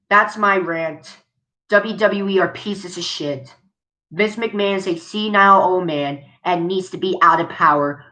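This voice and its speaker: A woman's voice: medium pitch, fairly bright tone, poor audio. A woman vlogger delivering an angry, profane video rant, repeating her points with indignation.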